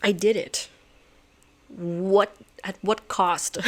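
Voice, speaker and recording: A woman's voice: on the low side, fairly even intonation, slow pace. A woman hosting a puzzle channel, talking to herself as she solves, muttering, swearing and laughing at herself.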